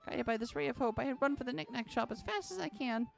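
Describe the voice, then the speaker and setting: Creaky-voiced woman reading a game aloud. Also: fast, faint music behind. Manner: expressive, with sudden high exclamations. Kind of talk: dramatic read-aloud of game text.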